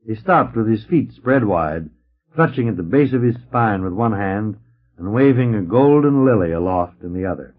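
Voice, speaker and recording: A man reading a science fiction story aloud in an expressive narrating voice, taken from an old, dull-sounding record transfer. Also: lowish voice, normal speed. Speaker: audiobook narrator. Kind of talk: scripted narration.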